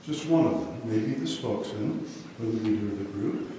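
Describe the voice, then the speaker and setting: A man's voice: on the low side, moderate pace, dark tone, a little hiss or hum. A man preaching a sermon, telling a story with dramatic flair in a large church hall. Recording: echoey hall, mic far off.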